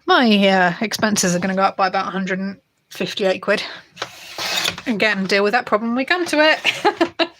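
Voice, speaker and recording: A woman's voice: medium pitch, a bit bright, slight background noise. A young woman hosting a budgeting channel, chatting casually to camera in a rambling way with many fillers and restarts.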